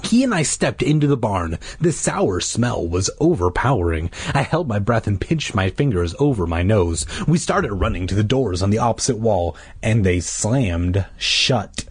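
Husky man reading a spooky kids' book. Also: on the low side, normal speed, hardly any pauses, no room sound. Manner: animated, jokey, drinking beer. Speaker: reader. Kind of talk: reading a children's horror book aloud, with crude asides.

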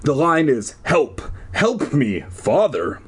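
A man voicing a brisk woman teacher who directs a school play. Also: a little high, huge pitch swings, breathy edge, voice pushed up, full character voice. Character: brisk adult female drama teacher.

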